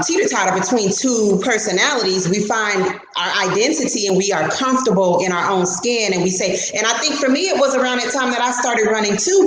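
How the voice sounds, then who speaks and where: A woman's voice: medium pitch, fairly bright tone. A woman from Chicago hosting a casual conversation, speaking in a reflective, conversational way. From Chicago, USA. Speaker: host. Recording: very echoey room.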